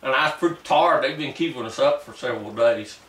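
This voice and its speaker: A man's voice: mid-range voice, fairly quick, fairly bright tone, recorded from a distance, lightly acted. A man playing a boastful, simple-minded backwoods ex-soldier who rambles through a comic story in ungrammatical rural dialect, recorded in an echoey room away from the mic. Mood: rambling, boastful. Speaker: comic character. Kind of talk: comic character monologue. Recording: roomy echo, voice away from the mic.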